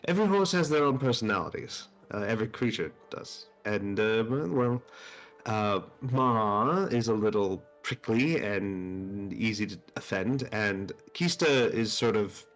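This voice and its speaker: A man playing his character in a tabletop role-play, talking haltingly and laughing easily. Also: fairly low pitch, lively intonation, soft background music. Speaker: player.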